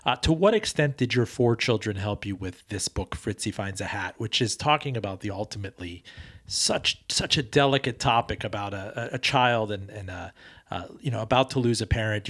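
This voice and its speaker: A man's voice: fairly low pitch, fairly bright tone. A man interviewing a guest, asking long, winding questions with fillers.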